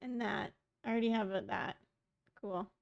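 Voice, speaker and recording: A woman's voice: mid-range voice, steady tone, moderate pace, creaky, highs cut off. A woman from Canada streaming a game and chatting playfully with her viewers. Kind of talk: casual chat while streaming a game.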